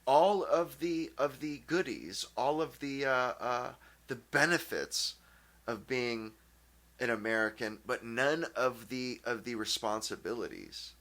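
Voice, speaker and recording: A man hosting his own channel, ranting casually in a blunt, profane way, with many halting restarts and fillers. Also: medium pitch, a bit bright. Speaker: channel host. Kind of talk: casual opinion rant.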